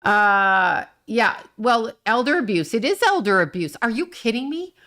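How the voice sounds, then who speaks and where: A woman's voice: fairly high pitch, expressive, measured pace, bright, forceful tone. A middle-aged woman hosting her own livestream, ranting bluntly with profanity, rambling from point to point and laughing often. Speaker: livestream host. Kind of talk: casual livestream rant.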